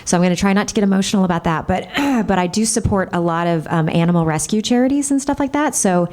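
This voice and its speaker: A voice actress chatting bubbly and gushing with fans at a convention panel. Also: female voice, fairly low pitch, fast, a little mellow.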